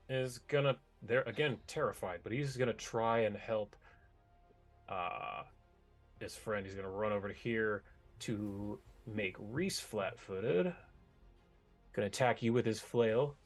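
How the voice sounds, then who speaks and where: A man's voice: lowish voice, big pitch swings, slow, long pauses, soft background music. A man narrating loosely as game master of a tabletop game. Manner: loose, descriptive, with restarts.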